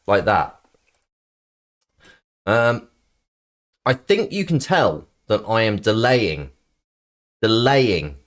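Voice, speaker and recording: A male streamer with a lowish voice that swings widely up and down as he chats. He rambles playfully, full of ums and mock-serious sarcasm, like he's hanging out with his live audience. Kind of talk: casual live-stream chat.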